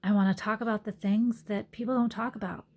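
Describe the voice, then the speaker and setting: Husky, mellow-voiced woman musing earnestly. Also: mid-range voice, fairly even intonation, brisk. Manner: earnest, soft-spoken, drops to whispered asides. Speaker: yoga teacher. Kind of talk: reflective personal monologue. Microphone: phone.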